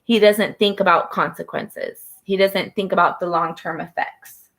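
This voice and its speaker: A woman's voice: lowish voice, fairly even intonation, moderate pace, a bit bright. A woman giving a casual tarot reading to camera, talking in a chatty, rambling way with many fillers. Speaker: tarot reader.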